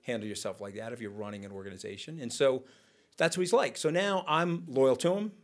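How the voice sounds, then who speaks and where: A man tells stories from a conference stage. His delivery is animated and conversational. He slips into other people's voices to act out quotes as he goes. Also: medium pitch, a little fast. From United States. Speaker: guest speaker. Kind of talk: onstage storytelling conversation.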